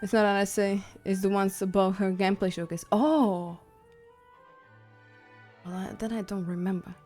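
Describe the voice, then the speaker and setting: A woman's voice: medium pitch, fast talker. Giggly woman streamer chatting over gameplay. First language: not English. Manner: chatty and giggly, bursts into excited squeals. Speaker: live streamer. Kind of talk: casual gaming stream chat. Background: faint game music.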